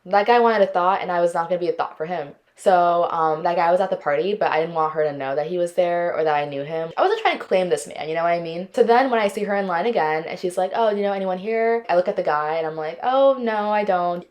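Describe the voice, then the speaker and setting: This woman's voice is on the low side, and she talks fast with few pauses. In her twenties and hosting a podcast, she shares dating stories casually, dramatically and expressively acting out the people in them.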